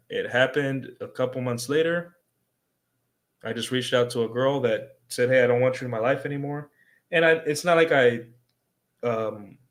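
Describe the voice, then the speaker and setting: A young adult man on a livestream, talking casually as a dating coach and tagging his points with "right?". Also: medium pitch. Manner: conversational, repeats "right?" as a tag.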